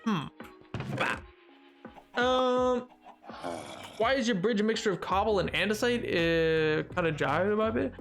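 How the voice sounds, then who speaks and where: High-voiced playful male streamer. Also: unhurried, pauses often, fairly bright tone, faint music behind. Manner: playful, jokey, answers chat while gaming. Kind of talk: casual live-stream chat reading.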